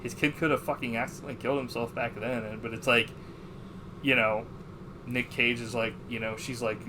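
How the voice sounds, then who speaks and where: A man co-hosting a podcast who retells a movie's plot in a casual, animated way, full of swearing and fillers. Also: mid-range voice, fairly quick, noisy background. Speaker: podcast co-host. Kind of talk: casual movie review chat.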